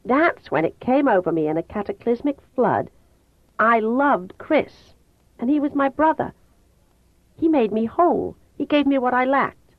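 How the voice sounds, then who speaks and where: A woman narrating a novel aloud in the first person, measured and brooding. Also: medium pitch, no room sound. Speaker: audiobook narrator. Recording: tinny phone-like dry sound.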